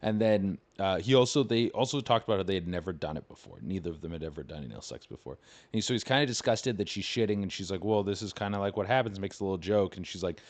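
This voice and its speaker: A man's voice: deep voice, animated, fast. A young man hosting a podcast, retelling an online story in a casual, profane, rambling way and scoffing that it is fake. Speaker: comedian podcast host.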